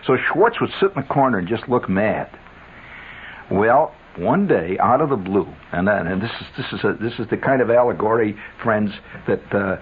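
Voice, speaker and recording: A man with a husky voice tells a long, digressive story over the radio. His pitch swings widely as he talks. The sound is thin and phone-like, like an old 1970s broadcast. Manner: wry, animated, digressive. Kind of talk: rambling radio monologue.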